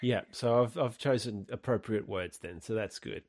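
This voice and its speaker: A man's voice: lowish voice, moderate pace, a little mellow, no room sound. A man co-hosting a podcast in casual chat, with a dry, teasing, sarcastic manner. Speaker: podcast co-host.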